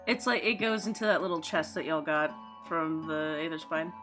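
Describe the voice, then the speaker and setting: A woman's voice: sits low, moderate pace, music in the background. A woman running a tabletop game as dungeon master over a voice call, chatty and full of filler words. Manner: casual, lots of filler words.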